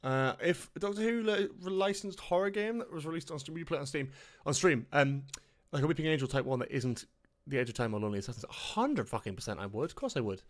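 A man's voice: a little high, fast, few pauses. A man streaming a game, swearing a lot and jumpy, talking over game sounds. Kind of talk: live gaming commentary. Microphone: headphones with a desk mic.

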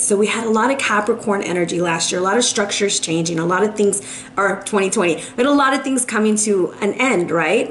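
A woman giving a casual tarot reading in a chatty, emphatic way, often asking "right?". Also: mid-range voice. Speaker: tarot reader. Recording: roomy echo with faint noise.

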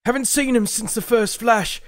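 A man voicing a nervous, rough-spoken northern soldier in an audiobook, jittery and unpolished in his speech. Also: very high-pitched, normal speed, a bit bright, dry recording, studio quality, pitched above the performer's own voice.

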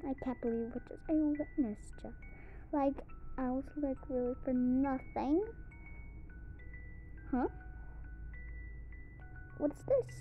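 High-voiced woman voicing a homemade drama. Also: slow, pauses often, phone-quality sound, faint music behind.

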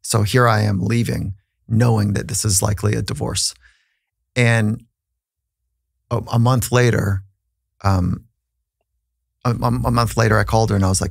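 A man's voice: lowish voice, fairly even intonation, moderate pace, vocal fry, pauses often, no echo, studio quality. A man who is a psychologist, telling a personal story in an earnest, reflective way on a podcast, with frequent restarts.

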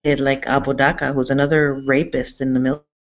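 Brief: woman, gravelly voice, agitated profane rambling rant, dull lo-fi recording. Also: extremely low pitch, little pitch movement, fairly quick. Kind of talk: rambling monologue to camera. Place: public campus building indoors. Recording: dull lo-fi sound.

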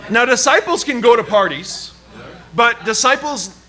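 A man preaching a sermon at a church service, telling a personal story in an animated, joking way. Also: very high-pitched, unhurried. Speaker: pastor. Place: church service before a congregation. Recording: live church hall with crowd. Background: audience laughing and calling out.

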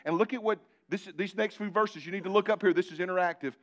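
A man preaching a live sermon in church, animated and joking with his congregation, calling on them directly. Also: sits high, fast, few pauses. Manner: animated, talks directly to the congregation with asides and jokes. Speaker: pastor. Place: church sanctuary before a congregation.

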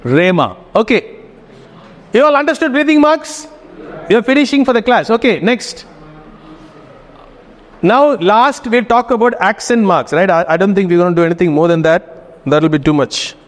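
A man giving a casual classroom lecture, often checking in with his students. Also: high-pitched. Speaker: teacher. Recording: reverberant hall.

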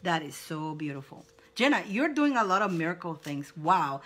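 A woman's voice: lowish voice, sing-song, fairly quick. A woman hosting a live card reading for her viewers, effusive and exclaiming, repeating her words over and over. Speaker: psychic card reader, host.

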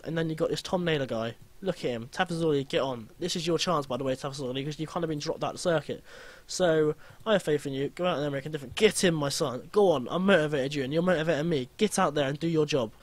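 Lively man, slightly high voice. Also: fast talker. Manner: lively, blunt, grumbles and swears at his team. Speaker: gameplay commentator. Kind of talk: gameplay commentary.

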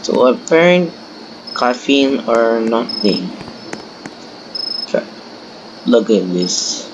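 A young man with a Filipino accent gives rambling, self-mocking, excitable commentary while playing a game. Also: mid-range voice, drawn-out words. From Philippines. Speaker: gameplay streamer. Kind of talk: casual gameplay commentary. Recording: noisy home recording with crickets and traffic.

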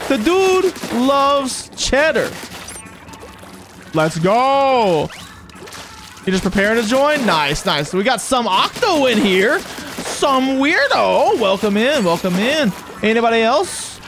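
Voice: mid-range voice, slow pace, background noise. Chatty hyped-up streamer narrating a match live, voice swinging up and down a lot. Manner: excitable, chatty, talks to viewers in chat. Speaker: game streamer. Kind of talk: live-stream gameplay commentary. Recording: game music playing behind the voice.

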